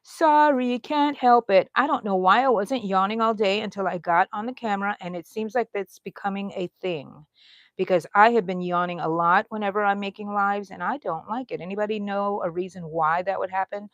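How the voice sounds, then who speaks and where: Middle-aged woman, casual crochet livestream host, chatty and relaxed, dry close sound. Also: mid-range voice, fairly quick, no room sound, dull audio. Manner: chatty, reads out viewer comments, yawns often. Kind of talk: casual live chat while crocheting. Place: at home.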